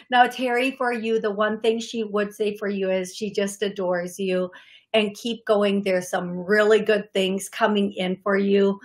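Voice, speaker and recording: A woman's voice: medium pitch, flat delivery, unhurried. Effusive woman psychic show host. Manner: effusive, gushing, lots of fillers. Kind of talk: live call-in show, reading viewer messages. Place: studio.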